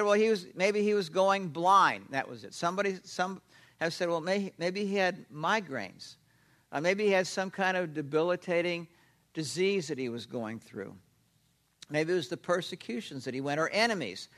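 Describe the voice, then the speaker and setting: A man preaching a sermon, animated and emphatic, asking questions and answering them himself. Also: high voice. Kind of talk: expository sermon.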